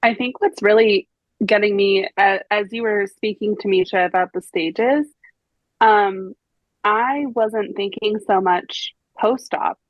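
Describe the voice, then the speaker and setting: A candid woman on a podcast, reflecting openly on her past with easy laughs and the odd swear. Her voice is mid-pitched, and the sound is dry and slightly muffled, like a remote home mic. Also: slow, no room sound. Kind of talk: conversational podcast chat.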